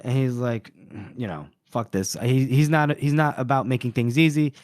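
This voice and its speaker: A man co-hosting a casual book podcast, talking in a loose, rambling way at a middle pitch. He retells scenes and slips into quick character voices along the way. The sound is dry and close to the mic. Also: a little mellow, no echo. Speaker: podcast co-host.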